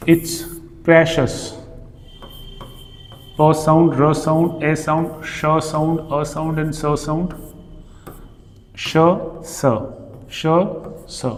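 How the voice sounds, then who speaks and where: A man with an Indian English accent teaches pronunciation at a slow, careful pace, repeating every word. His voice sits a little high. The recording rings with long reverb, as if made in a large bare room. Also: flat delivery, darkish tone. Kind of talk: pronunciation lesson.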